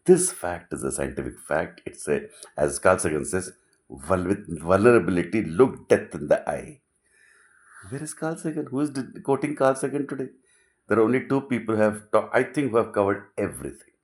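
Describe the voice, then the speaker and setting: Middle-aged man, low voice, very animated pitch; emphatic monologue that swings from loud to hushed. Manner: emphatic, repeats phrases, rhetorical questions, swings between loud and hushed. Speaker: speaker giving a philosophical talk. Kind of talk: impassioned monologue.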